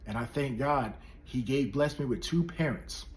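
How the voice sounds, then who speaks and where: A man in his fifties delivers a passionate speech with no script in sight. His mid-pitched voice surges into loud, emphatic bursts and then sinks to hushed, intimate near-whispers. Faint background noise sits under the voice. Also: moderate pace. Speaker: police officer and public speaker. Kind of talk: impassioned motivational speech.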